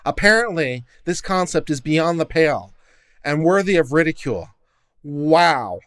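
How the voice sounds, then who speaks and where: A man's voice: a little high, expressive, unhurried, a bit bright. A man hosting a reaction show, giving casual commentary in a sarcastic, incredulous rant. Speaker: host reacting to court audio.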